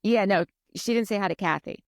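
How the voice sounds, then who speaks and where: A woman co-hosting a podcast, chatting casually and recapping scenes with lively retold quotes. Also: mid-range voice, brisk, vocal fry, dry recording, studio quality. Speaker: podcast co-host. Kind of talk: casual chat.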